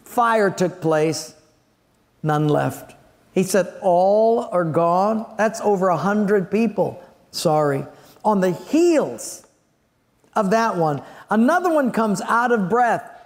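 A man's voice: high-pitched, sing-song, slow pace. A man preaching a sermon, telling a story with animation and acting out the scenes. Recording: long hall reverb.

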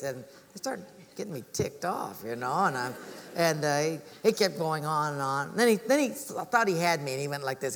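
A man's voice: on the high side, expressive, a little fast, a bit bright, long reverb tail, slight background noise. A man preaching as a pastor, telling stories and acting out the voices of the people in them. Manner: storytelling, acts out voices of people in his stories. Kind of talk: sermon.

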